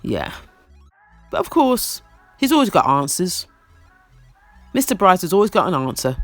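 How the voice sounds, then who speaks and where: A man talks through a reality show episode in a casual, opinionated commentary, repeating lines for emphasis. His voice sits a little high and swings widely in pitch. The sound is dry and close, with faint music underneath. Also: sing-song, unhurried, fairly bright tone, no echo.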